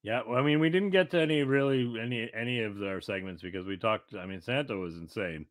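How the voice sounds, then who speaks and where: A man's voice: medium pitch, fast talker. A man co-hosting a podcast in casual, rambling, jokey chat, slipping into silly voices when he tells stories. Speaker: podcast co-host.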